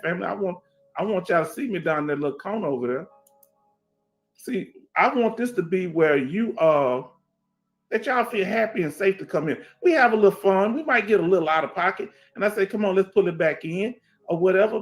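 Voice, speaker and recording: A middle-aged veteran man with a Houston accent, hosting a casual livestream, reading chat and talking emphatically with lots of repetition. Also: high-pitched. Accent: Houston Black American English. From Houston, Texas. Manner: streetwise, emphatic, repeats himself, asks "you understand?". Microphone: headset.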